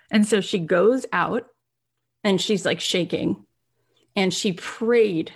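A woman telling an inspirational success story, animated, acting out the people in it. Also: mid-range voice, takes it slowly, vocal fry, slightly rough. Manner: animated retelling with acted quotes, rising intensity. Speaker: motivational speaker.

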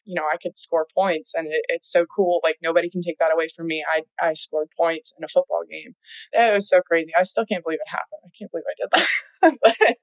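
Poor, dry audio captures a young woman on the low side speaking a little fast. She's a college athlete guesting in a casual chat, telling her story while laughing frequently and leaning on "like."

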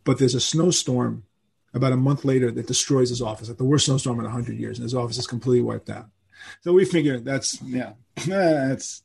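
An older man, telling animated stories as a guest in a podcast interview and acting out the people he quotes. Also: mid-range voice, vocal fry, husky. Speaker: guest musician.

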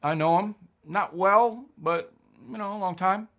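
A man's voice: high-pitched, measured pace, fairly bright tone. An older man hosting a commentary show, blunt and opinionated, reading ads and giving his views with emphatic repetition.

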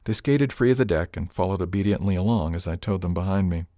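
A man narrating a first-person audiobook with a low, steady voice. His delivery is measured and even, recorded close on a studio mic in a dry, dead room. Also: no room sound.

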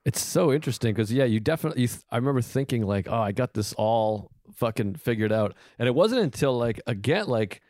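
A man's voice: medium pitch, expressive, fast talker, hardly any pauses, a little mellow, no echo, studio quality. Candid man reflecting in casual chat. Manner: candid, reflective, swears freely. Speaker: comedian, podcast co-host.

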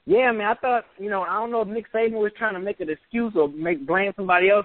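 A man co-hosting a sports podcast, telling the story in an excited, animated way. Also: high voice, quick pace, hardly any pauses. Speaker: podcast co-host. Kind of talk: casual sports chat. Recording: tinny phone-like sound.

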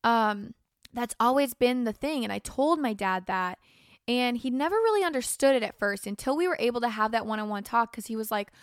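A woman's voice: a little high, expressive, brisk, clean tone, no room sound, clean studio sound. A young woman host talking through a casual, rambling personal monologue, emotional and tearful, with many fillers. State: crying. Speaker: podcast host.

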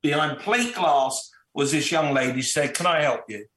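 A man spins a lively anecdote in a slightly high voice, slipping into the voices of the people in it as he goes. He is recorded in an echoey room. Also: moderate pace. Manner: animated storyteller, acting out quoted voices. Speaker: guest. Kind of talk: casual storytelling.

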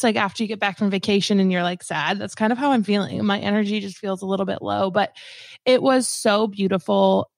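A woman's voice: medium pitch, no room sound, clean studio sound. A young adult woman co-hosting a podcast, chatting casually and emotionally with many fillers. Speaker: co-host. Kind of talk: casual chat.

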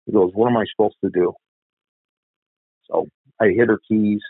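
A man's voice: on the low side, fairly even intonation, normal speed, slightly rough, dry recording, narrow, tinny audio. A middle-aged man, a police officer, bluntly and profanely retelling a family tragedy in a candid interview. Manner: blunt, profane, repeats himself while recalling. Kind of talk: candid conversational storytelling.

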